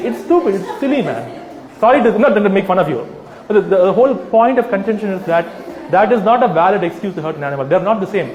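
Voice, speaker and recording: High-voiced man, echoey hall. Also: fast. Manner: animated, mocking, addresses the crowd directly. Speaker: speaker addressing an audience. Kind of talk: persuasive public talk. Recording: echoey hall with faint background noise.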